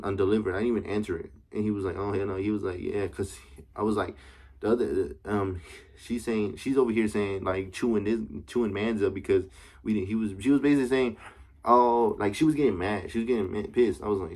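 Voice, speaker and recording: A man's voice: on the low side, warm tone. Slangy young man telling a story. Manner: slangy, rambling, profane, keeps asking "you know what I'm saying". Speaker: vlogger. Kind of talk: casual story time.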